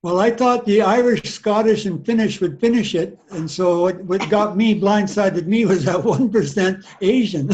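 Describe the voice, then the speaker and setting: A man's voice: high voice, normal speed, hardly any pauses, darkish tone. An older man, the host's father, chatting casually in an easygoing, folksy way and laughing often. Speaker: father of the host. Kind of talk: casual family chat. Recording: dull lo-fi sound.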